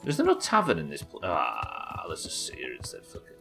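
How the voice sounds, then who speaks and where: A man's voice: very deep voice, wildly swooping pitch, brisk, creaky, a bit bright, soft background music. A man streaming a game live, chatting casually with his viewers and swearing freely as he goes. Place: home streaming setup.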